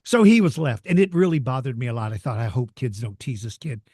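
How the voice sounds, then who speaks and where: A man telling lively stories as an interview guest, laughing easily and acting out excited children. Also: mid-range voice, fast talker, breathy edge, no echo, studio quality. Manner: animated storyteller, laughs easily, voices excited kids. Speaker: interview guest, dinosaur educator. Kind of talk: storytelling in a casual interview.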